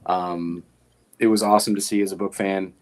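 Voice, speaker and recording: A man's voice: low-pitched, level tone, normal speed. A man in a casual podcast chat, talking hesitantly with many ums and restarts as a fantasy league player.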